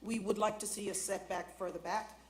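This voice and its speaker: A woman's voice: medium pitch, fairly even intonation, brisk, slight background noise, poor audio. A woman resident speaking at a city council hearing, insistently objecting to a development. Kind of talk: public comment at council meeting. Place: council chamber.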